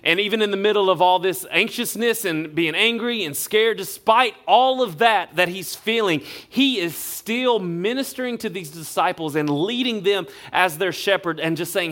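A male pastor, preaching a sermon in a relaxed, conversational storytelling way. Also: sits high, normal speed, hardly any pauses. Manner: conversational storytelling, acts out quotes.

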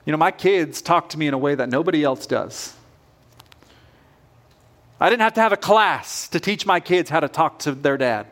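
A man's voice: a little high, animated, moderate pace, long pauses, fairly bright tone. A middle-aged male pastor preaching a sermon in an earnest, conversational way.

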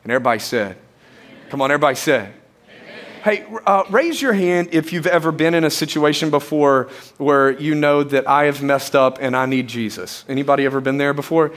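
A pastor in his thirties preaches with a notably high, light voice. He tells stories casually and with humor, tossing quick check-ins to the congregation as he goes. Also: fairly even intonation. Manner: conversational storytelling with humor, frequent "okay?" and "right?" check-ins. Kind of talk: sermon.

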